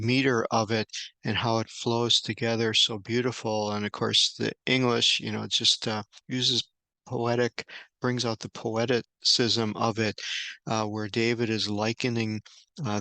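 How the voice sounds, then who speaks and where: A man giving an unscripted Bible study lesson indoors, halting often with fillers and restarts. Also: lowish voice, creaky, sharp tone, no room sound. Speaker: Bible teacher.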